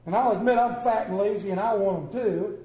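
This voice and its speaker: A man's voice: high voice, a little fast, mellow. A man preaching a sermon, telling folksy, exaggerated stories in a church. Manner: folksy storytelling with comic exaggeration. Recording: echoey room.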